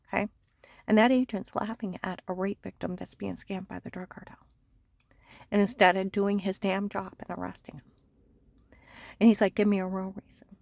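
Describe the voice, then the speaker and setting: Gravelly woman ranting on and on, keeps repeating herself, sometimes goes almost whispery, dry close sound. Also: medium pitch, no echo. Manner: agitated, insistent, repeats herself. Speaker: vlogger. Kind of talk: rambling personal monologue.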